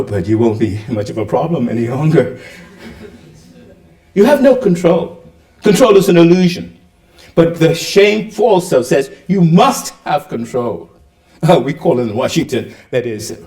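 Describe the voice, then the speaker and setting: An older man delivers a lecture with a lively, swooping voice, throwing rhetorical questions at the audience and acting out the quotes he tells. He stands a little away from the mic, and the hall around him is roomy and echoing. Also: on the high side, far from the mic. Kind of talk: public lecture.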